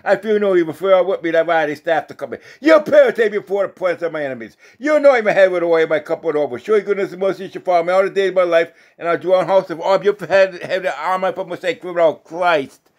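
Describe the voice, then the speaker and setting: A man reading scripture aloud as a lay preacher, halting and restarting often, then drifting into rambling, informal testimony. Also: high voice. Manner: casual and rambling when talking off the text, often asks "you know?".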